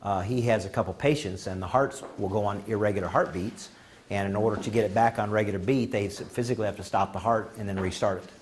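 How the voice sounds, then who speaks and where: Over a bit of hiss or hum, a man with a lowish voice delivers a fast-paced conference talk built on folksy anecdotes. He brings them to life by acting out people's quotes.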